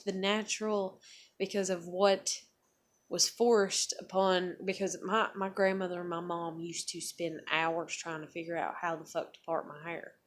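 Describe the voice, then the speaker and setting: A woman in her thirties talking in a casual, rambling vlog monologue, full of fillers and swearing. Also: fairly low pitch. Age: 30s. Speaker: vlogger.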